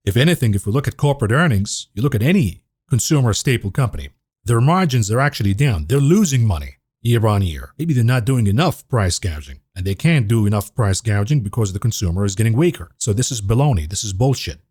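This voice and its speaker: Male finance commentator, lowish husky voice, dry close sound, sarcastic and emphatic. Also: very animated, fairly quick, darkish tone, dry recording. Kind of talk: market commentary monologue.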